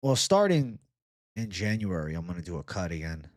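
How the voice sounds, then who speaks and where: Low-ish voiced guy chilling on a livestream, reading chat, joking around. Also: big pitch swings, moderate pace. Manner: laid-back, joking, swears casually. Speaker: livestream host. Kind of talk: casual live chat reading comments.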